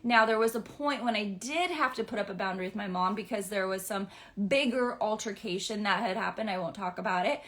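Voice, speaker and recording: A young woman giving casual spiritual advice as an astrology forecaster, chatty and full of "right?" and "okay?" tags, sometimes jumping into loud exasperated voices. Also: mid-range voice, brisk, hardly any pauses.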